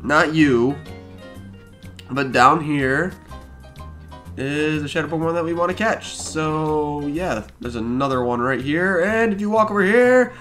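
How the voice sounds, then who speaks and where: Excitable young man narrating a game. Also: fairly high pitch, soft background music. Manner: excitable, talks to the game characters, quick exclamations. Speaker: let's play host. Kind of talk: video game commentary.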